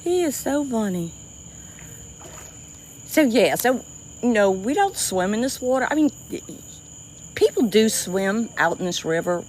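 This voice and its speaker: A woman's voice: medium pitch, expressive, a little slow, a little hiss or hum. Cajun woman chatting on a swamp livestream. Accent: Cajun, South Louisiana. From South Louisiana. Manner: chatty, lots of restarts and y'all, laughs easily. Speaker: livestream host. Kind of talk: casual livestream chat with viewers. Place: outdoors by a swamp river at night.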